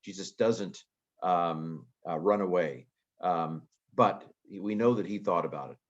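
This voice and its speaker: A man's voice: low voice, measured pace, muffled recording. A man giving a casual lecture on Greek grammar, thinking aloud with frequent ums. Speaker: Greek teacher.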